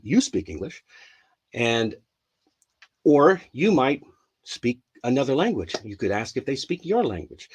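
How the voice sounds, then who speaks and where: A man's voice: mid-range voice, a little mellow. A man hosting a live English lesson, loose and rambling with many restarts, acting out example phrases with emphasis. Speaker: English teacher, live show host.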